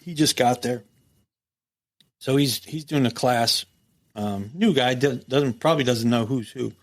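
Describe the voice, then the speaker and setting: A man's voice: mid-range voice, measured pace. Blunt, profane man telling stories. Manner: blunt, profane, lively storyteller who acts out quotes. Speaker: guest, former prison captain. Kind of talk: casual storytelling interview.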